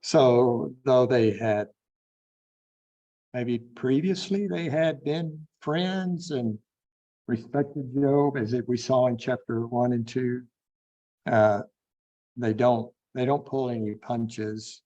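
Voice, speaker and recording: A man teaching a Bible class, unhurried and thinking aloud with frequent fillers. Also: mid-range voice, mellow, highs cut off. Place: online classroom.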